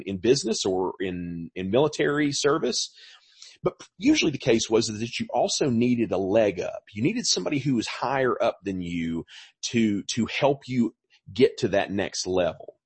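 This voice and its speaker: A middle-aged pastor preaching a sermon in a conversational way, with frequent fillers and restarts. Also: male voice, fairly low pitch, slightly rough, no echo.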